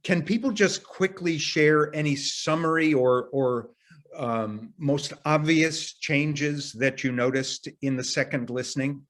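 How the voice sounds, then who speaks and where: A man's voice: on the high side, slow pace, a bit bright. A man leading an arts workshop, explaining ideas earnestly in a casual teaching voice, sometimes restarting sentences as he thinks aloud. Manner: casual phrasing with occasional mild profanity. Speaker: workshop leader. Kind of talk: teaching talk to workshop participants.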